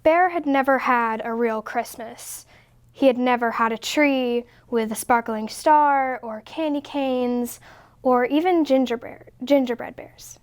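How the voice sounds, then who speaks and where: A woman reading a children's picture book aloud in a slow, expressive way. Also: high-pitched, clean tone. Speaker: story reader. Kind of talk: storybook read-aloud.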